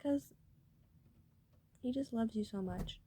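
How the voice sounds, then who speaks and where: A woman's voice: on the high side, slow pace, mellow, slight background noise. A woman talking casually to her viewers in a rambling, earnest way, cursing freely as she shares spiritual thoughts. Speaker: vlogger.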